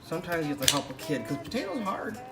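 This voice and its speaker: A middle-aged man casually vlogging as he cooks in a home kitchen and gently coaches his young daughter with a knife, chatty and jokey. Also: on the high side, big pitch swings, fast talker. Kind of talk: casual cooking ASMR vlog. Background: music and kitchen clatter of knives and pots.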